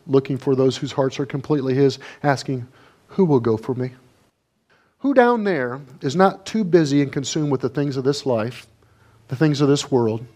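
Man, preacher, sermon, fervent, repeated rhetorical questions, middle pitch, swings from loud emphasis to soft prayer.

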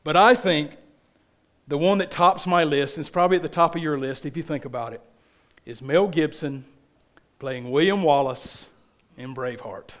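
A man with a thick Southern accent preaching a sermon as a pastor, telling stories with animated emphasis. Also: on the high side, normal speed, long pauses.

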